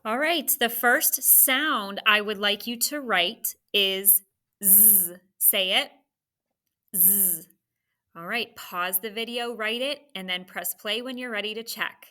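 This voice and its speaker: A woman teacher leading a recorded dictation exercise for third graders, giving clear step-by-step instructions. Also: a little high, a little slow, few pauses, sharp tone.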